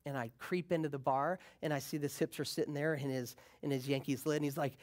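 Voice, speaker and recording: This keynote speaker talks fast and fairly high, hardly pausing, as he casually shares a personal story during his conference talk. His manner is lively and slangy, and he performs the voices of the people he describes.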